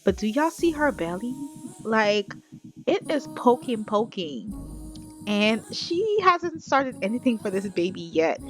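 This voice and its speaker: A woman's voice: fairly high pitch, big pitch swings, measured pace, soft background music. A woman vlogger narrating her life-sim gameplay in a chatty way, talking straight to her viewers. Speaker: gaming vlogger.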